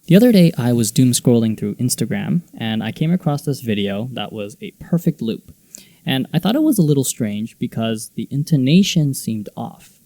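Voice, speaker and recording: A man's voice: mid-range voice, sing-song, normal speed, warm tone, no room sound. Guy teaching intonation, voice swings up and down a lot, dry close sound. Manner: clear, demonstrative delivery, acting out example phrases with varied intonation. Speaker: English teaching video host. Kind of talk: scripted explanatory narration.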